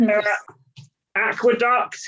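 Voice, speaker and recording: Guy doing hesitant one-liner standup from his room, highish voice, muffled video call sound. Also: level tone, a bit bright. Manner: hesitant one-liner delivery full of ums and pauses. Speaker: stand-up comedian. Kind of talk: stand-up comedy set over a video call.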